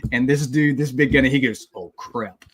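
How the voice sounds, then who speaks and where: A man's voice: medium pitch, fairly quick, slight background noise. A man in his forties, a retired Marine guest, telling stories in casual conversation with frequent fillers. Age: 40s. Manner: relaxed storyteller with frequent "uh" fillers.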